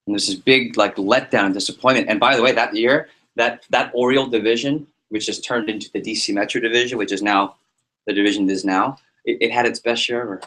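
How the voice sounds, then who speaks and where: Animated joking male sales trainer. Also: on the low side, a little fast. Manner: animated and joking, acts out little scenes. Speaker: sales team liaison and trainer. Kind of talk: motivational talk to a sales team.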